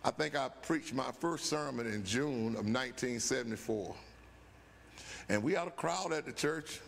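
A man in his seventies, a bishop, telling a folksy, animated story at a Bible study, often saying "man" and "guess what.". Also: medium pitch, normal speed, creaky. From USA. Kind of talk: storytelling sermon. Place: church sanctuary. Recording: church hall with long reverb.

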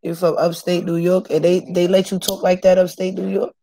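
A man's voice: high-pitched, completely flat delivery, brisk, dark tone, slight background noise. Male co-host, playful and crude, laughs through casual banter. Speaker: co-host of battle league show. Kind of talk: casual chat.

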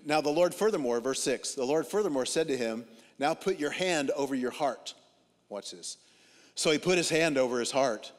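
Preacher in a reverberant hall. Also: male voice, a little high. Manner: comic, animated storytelling with acted-out dialogue. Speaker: guest preacher. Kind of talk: humorous sermon storytelling. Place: church auditorium. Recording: long reverb of a large hall.

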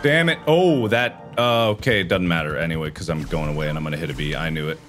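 A young man giving let's play commentary while he rages, swinging from low mutters to loud frustrated yelling. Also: fast, soft background music. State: frustrated and raging. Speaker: gaming video creator.

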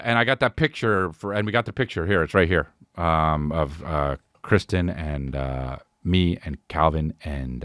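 A man hosting a podcast, telling a rambling, swearing story in casual chat with animated impressions. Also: low-pitched, dry recording. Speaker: podcast host.

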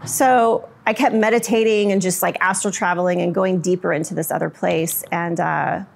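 A middle-aged woman telling her personal story in an interview, soft-spoken and reflective, with frequent fillers. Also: fairly low pitch, fairly even intonation, moderate pace, creaky.

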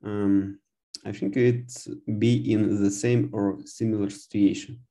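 A man's voice: fairly low pitch, flat delivery, unhurried, dark tone. A man learning English, answering hesitantly with many fillers. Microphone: video call.

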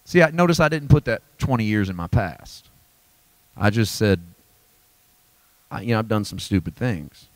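Fiery preacher shouting then hushing. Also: male voice, dry recording. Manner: swings from shouting, pitch-high preaching to low, quiet reflection. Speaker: pastor. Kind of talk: sermon. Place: church.

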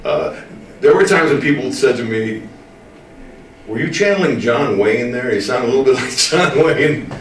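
Recorded from a distance in a roomy space with slight background noise, this older American Midwest voice actor swaps stories in a relaxed interview. His mid-range voice has lively intonation, and he drawls, taking his time and landing words with emphasis.

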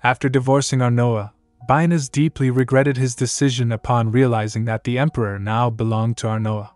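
A man narrating a story recap in a steady, plain manner. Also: mid-range voice, fairly quick, no room sound, faint music behind.

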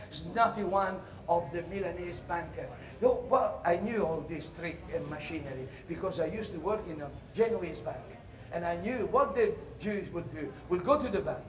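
A man with an Italian accent performing a comic theatre monologue in English, storytelling animatedly with sudden shouted cries. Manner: animated storyteller, bursts into high shouted cries, laughs through lines. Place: theatre stage. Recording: roomy hall echo.

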